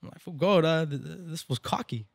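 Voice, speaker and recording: A man's voice: fairly high pitch, a little fast, no room sound, studio quality. A man, a barber event organizer, telling a story in casual, profane slang and slipping into Spanish now and then. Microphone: podcast microphone.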